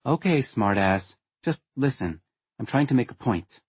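A man voicing a witty young woman who lectures in a frank, lightly sarcastic way, with a husky tone. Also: mid-range voice, animated, a little slow, no room sound. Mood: explaining playfully. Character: witty teasing young woman, blunt and playful.

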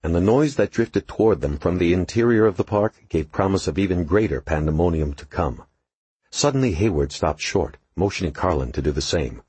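A man narrating an audiobook in an expressive, measured storytelling manner. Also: deep voice, breathy edge, no echo. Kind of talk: scripted narration.

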